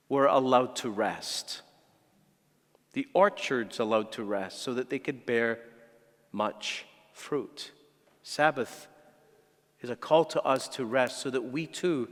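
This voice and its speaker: A man's voice: mid-range voice, fairly bright tone. A male priest giving a homily in an earnest preaching manner with emphatic rises. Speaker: parish priest. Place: large church. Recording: long church reverb.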